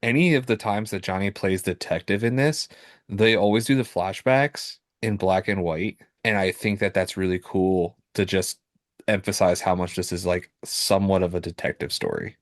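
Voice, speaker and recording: A man's voice: low-pitched, normal speed, dry recording, clean studio sound. A man co-hosting a comic book podcast, talking casually with fillers and self-corrections. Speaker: podcast co-host. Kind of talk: casual chat.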